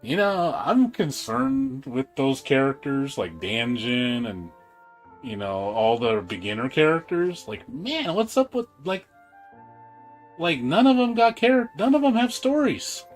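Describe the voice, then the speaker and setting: A man's voice: fairly high pitch, sing-song, unhurried, soft background music. Laughing, rambling male game streamer. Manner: laughs often, rambling, repeats words. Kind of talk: casual chat.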